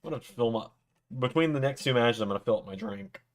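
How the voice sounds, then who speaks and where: A man's voice: medium pitch, fast talker. Casual man chatting over a live stream. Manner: chatty, swears offhandedly, mumbles asides. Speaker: streamer reacting to wrestling. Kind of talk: casual live reaction chat.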